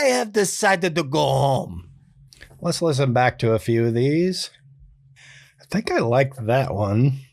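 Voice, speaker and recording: A man recording his own character voices and calmly explaining his process, relaxed, thinking aloud and amused at himself. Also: medium pitch. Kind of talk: casual behind-the-scenes explanation.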